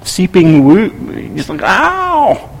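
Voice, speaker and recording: A man preaching a sermon to church leaders, animated and acting out little scenes with voices. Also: mid-range voice, normal speed, gravelly, a little hiss or hum. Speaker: pastor.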